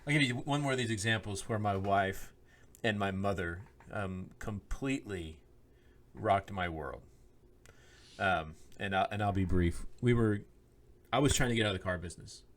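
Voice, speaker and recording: A minister from Oklahoma co-hosts a podcast, recorded on a podcast microphone, with a fairly low, slightly bright voice at normal speed. He tells a personal story in casual chat, acting out quoted lines and laughing often.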